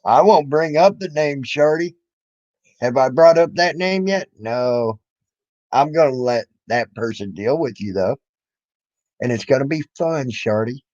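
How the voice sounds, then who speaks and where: A male YouTube commentator with a medium-pitched, darkish voice delivers an animated but measured rant, mocking and confronting others while swearing freely. The dull lo-fi recording is dry.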